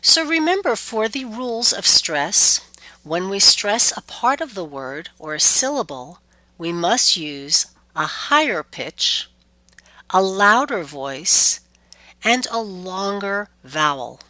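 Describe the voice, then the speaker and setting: A woman teaching pronunciation in a clear, deliberate scripted lesson, stretching out example words. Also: mid-range voice, big pitch swings, sharp tone, no echo.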